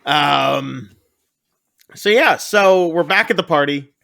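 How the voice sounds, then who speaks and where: A man co-hosting a casual podcast, rambling through a movie recap and acting out characters' lines in quick voices. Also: fairly high pitch, vocal fry, sharp tone. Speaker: podcast co-host.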